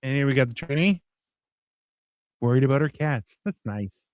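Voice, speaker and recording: A man co-hosts a casual movie watch-along on a live stream mic, his mid-range voice animated at normal speed with no echo. He jokes and swears freely, putting on mocking voices for the characters.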